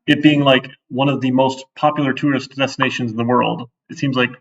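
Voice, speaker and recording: A programming instructor with a medium-pitched, steady voice and some vocal fry talks fairly quickly during a casual live-coding lecture. He's conversational, thinks aloud as he codes, and often checks in with "right?", all captured on a distant, dull classroom recording.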